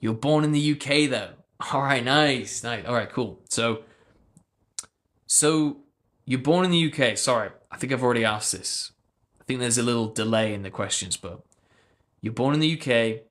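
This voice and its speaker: A man's voice: medium pitch, normal speed, fairly bright tone. A man, a speech coach, chatting casually on a livestream and answering viewers. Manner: chatty, loose, fillers, answers viewer comments.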